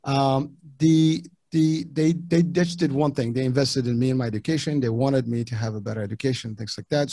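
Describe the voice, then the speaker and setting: Appearing on a podcast, this middle-aged man from Morocco, originally a French and Arabic speaker, chats informally but keeps stopping and starting over mid-sentence. He has a medium-pitched, dark voice, recorded dry.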